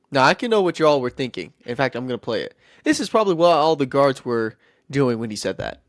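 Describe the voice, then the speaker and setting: A man's voice: medium pitch, very animated, normal speed, no echo, studio quality. A man hosting a podcast, retelling a Bible story casually with rambling, goofy asides and self-interruptions. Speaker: podcast host.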